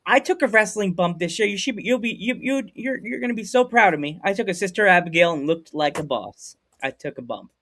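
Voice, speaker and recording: A man hosting a podcast over a video call, telling stories in a lively way and acting out what people said. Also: high-pitched, brisk, few pauses. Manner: animated storyteller acting out quotes. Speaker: podcast host. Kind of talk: casual storytelling chat.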